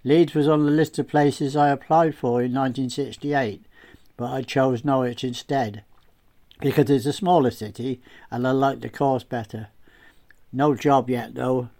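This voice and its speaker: A man's voice: mid-range voice, fairly even intonation, measured pace, gravelly, a little mellow. A man voicing an earnest, talkative young man in his twenties in a story reading. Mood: chatty.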